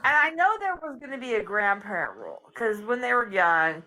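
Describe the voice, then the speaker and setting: Animated, bright-voiced woman chatting. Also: a little high, fairly quick, slight background noise, poor audio. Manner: animated, emphatic, says "dude" and "like". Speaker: live stream host. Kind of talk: casual chat.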